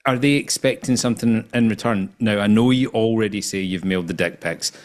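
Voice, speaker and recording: A man hosting a casual podcast chat, teasing and prodding the others with questions. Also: on the low side. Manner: teasing, quick to laugh and prod with questions.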